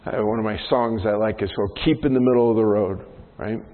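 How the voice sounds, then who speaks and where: A man, a pastor preaching a sermon, who rises in pitch and force to stress key points. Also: steady tone, fast. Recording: phone-like sound in a reverberant hall.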